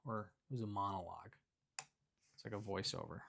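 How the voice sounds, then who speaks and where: A young man rambles casually while reviewing items around his house for a video, full of fillers and self-corrections. His lowish voice is brisk, a bit bright and creaky, with fairly even intonation.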